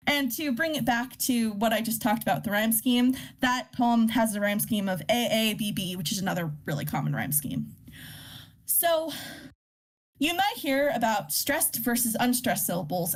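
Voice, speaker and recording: A woman's voice: a little high, lively intonation, moderate pace. A woman hosting a casual poetry workshop, explaining terms with many fillers and restarts and reading poems aloud. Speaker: workshop host teaching poetry. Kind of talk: informal live lesson.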